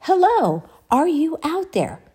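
A woman's voice: high voice, big pitch swings, slow pace, dark tone, pitched above the performer's own voice, heavily acted. A woman voicing an eerie, faraway female voice calling out through a radio. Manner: calling out, searching.

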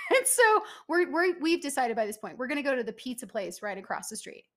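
A woman's voice: high voice, sing-song, a little fast, a bit bright. A woman co-hosting a podcast, telling an emphatic story in casual chat with lots of filler words. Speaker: podcast co-host.

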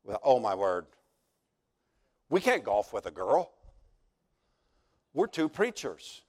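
A man preaching at a camp service, telling folksy stories that build to near-shouts. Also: mid-range voice, big pitch swings, takes it slowly. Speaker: pastor. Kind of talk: storytelling sermon.

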